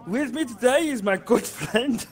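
A man putting on a hammy high Italian voice. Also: animated, very slow, slightly rough, heavily acted. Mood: cheery. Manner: hammy exaggerated accent, giggly. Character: over-the-top Italian man, chirpy and cheesy. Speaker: streamer host.

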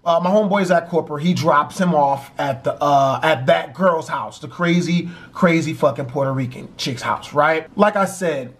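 A man with a high-pitched voice recounts a dramatic story in a storytime vlog. He talks animatedly and curses constantly, with lots of fillers. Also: normal speed, few pauses. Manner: animated, heavy cursing. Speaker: vlogger.

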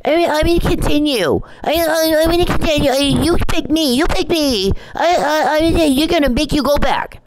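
A man putting on a high, stammering, whiny voice to mock another man as childishly insistent. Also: moderate pace, hardly any pauses, background noise.

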